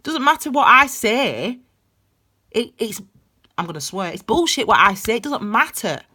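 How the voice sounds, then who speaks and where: A woman giving a passionate, blunt tarot reading that swings between loud emphasis and hushed intensity. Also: a little high, sing-song, moderate pace, breathy edge. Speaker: tarot reader. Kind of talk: intuitive tarot reading, spiritual pep talk.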